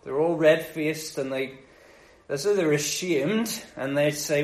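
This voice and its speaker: A male preacher telling a story in a loose, joking style, his voice sitting fairly high. He sounds roomy, with noticeable echo. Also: a little slow. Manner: lively, jokey retelling. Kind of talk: casual sermon storytelling. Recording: echoey room.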